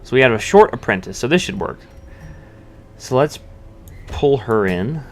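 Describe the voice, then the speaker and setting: A man's voice: medium pitch, expressive, normal speed, a little hiss or hum. A man giving casual let's-play commentary, thinking aloud with many restarts and fillers. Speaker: gameplay commentator.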